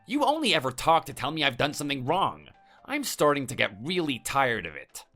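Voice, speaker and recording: A computer voice voicing a hot-tempered husband who is dismissive and menacing. The pitch swings very widely, and faint music plays behind the voice. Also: male voice, wildly swooping pitch, fairly quick, sharp tone, full character voice. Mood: angry, dismissive. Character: hot-tempered threatening husband, adult man. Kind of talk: text-to-speech story voice.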